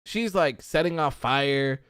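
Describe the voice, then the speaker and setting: A man's voice: on the high side, slow pace, fairly bright tone, smooth, dry recording, studio quality. A young man hosting a casual wrestling livestream, rambling in frustration and reading chat comments aloud. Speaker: livestream host.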